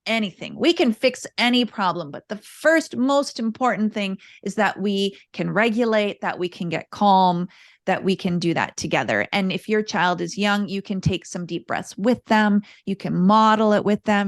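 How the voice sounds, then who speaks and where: A woman speaking as a podcast guest, explaining parenting steps calmly and often repeating words as she thinks. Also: medium pitch, normal speed, no echo, studio quality. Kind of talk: casual interview talk.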